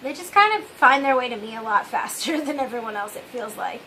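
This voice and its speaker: With background noise behind her, a woman speaks fairly quickly in a slightly high voice with lively intonation. She's hosting her vlog, talking candidly and ramblingly to viewers, repeatedly trailing off with "I don't know" and slipping in dry, self-mocking remarks.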